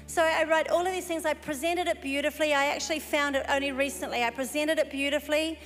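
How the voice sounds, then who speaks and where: A woman preacher telling a story in a sermon, animated and lively, breaking into excited exclamations. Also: sits high, fast, slight background noise. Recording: live hall recording with long reverb.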